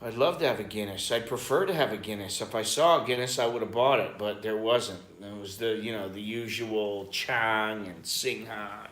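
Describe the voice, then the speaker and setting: A man's voice: on the low side, normal speed, hardly any pauses, fairly bright tone. American guy rambling on a live stream, curses a bit, roomy echo. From United States. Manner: rambling, chatty, swears casually. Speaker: vlogger hosting a live stream. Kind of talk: casual chat. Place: home in Bangkok.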